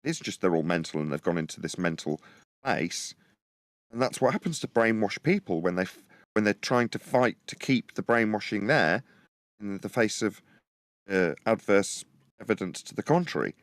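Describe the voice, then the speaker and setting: Male co-host, very low voice, dry close sound, rambling and animated. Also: moderate pace, no echo. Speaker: podcast co-host. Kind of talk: casual live-stream discussion.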